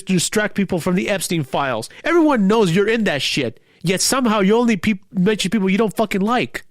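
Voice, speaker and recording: A man hosts his own show and launches into a heated, profane political rant, stumbling over his words as he goes. His voice sits somewhat high for a man. The sound is dry and close, with no room echo. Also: big pitch swings, brisk, hardly any pauses. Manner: profane, heated, rambling with restarts. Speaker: podcast host.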